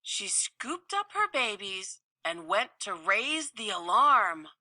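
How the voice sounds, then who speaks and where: A woman reading a children's story aloud with slow, playful, expressive delivery. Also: mid-range voice, no echo, studio quality.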